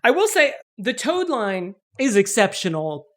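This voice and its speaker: Animated woman podcast co-host. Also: on the high side, a little slow. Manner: joking, animated, laughs often. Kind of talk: casual movie-review chat.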